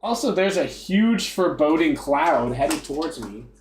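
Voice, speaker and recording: A man's voice: a little high, animated, unhurried, a crowd in the background. A young man chatting casually on a live stream, joking, self-mocking and laughing often.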